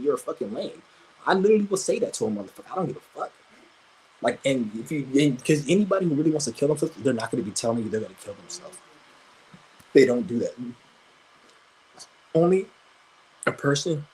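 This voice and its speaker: A man's voice: medium pitch, a little mellow, husky, poor audio. A man streaming live, ranting crudely and combatively, stumbling over repeated restarts. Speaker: livestreamer. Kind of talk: angry livestream rant.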